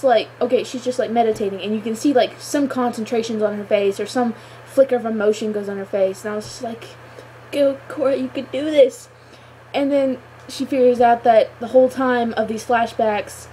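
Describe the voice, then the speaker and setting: High-voiced gushing woman fan reviewer. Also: fairly even intonation, normal speed, mellow, slight background noise, rough recording. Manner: gushing, exclamatory, heavy use of filler words. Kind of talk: excited episode review chat.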